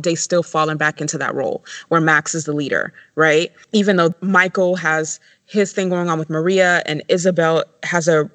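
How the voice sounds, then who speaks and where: Measured podcast co-host, dry sound. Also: mid-range voice, pushed and bright, dry recording. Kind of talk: analytical discussion.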